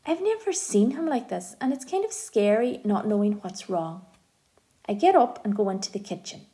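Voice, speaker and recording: A woman narrating an audiobook in a gentle, expressive storytelling manner. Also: mid-range voice, moderate pace.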